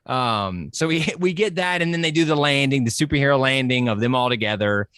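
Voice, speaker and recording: A man excitedly discussing a movie, acting out lines and laughing often. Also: mid-range voice, a little fast, clean tone, no room sound, studio quality. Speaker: podcast guest.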